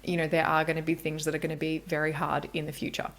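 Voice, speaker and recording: A woman's voice: low voice, level tone, fast talker. A woman, hosting a casual podcast conversation, candid and self-deprecating, swearing casually. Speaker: podcast host.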